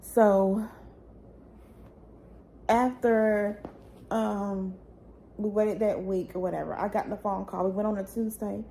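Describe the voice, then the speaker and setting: A woman's voice: mid-range voice, steady tone, slow pace, creaky, long pauses, dark tone, slight background noise. A young woman, telling her own painful family story in a raw, tearful, pleading way that rises when she gets upset. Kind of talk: emotional personal storytelling.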